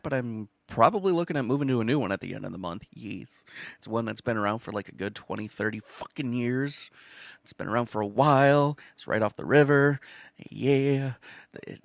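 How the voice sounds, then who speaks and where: A man's voice: mid-range voice, creaky, no room sound, studio quality. A man from Wisconsin hosting a cooking show alone, talking in a casual, rambling monologue that is profane and jokey, with stammers and self-mocking asides.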